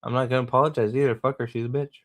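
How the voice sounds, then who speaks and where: A man's voice: mid-range voice, flat delivery, racing. A man hosting a casual livestream, rambling, swearing and mocking as he reads comments and talks to chat. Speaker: host.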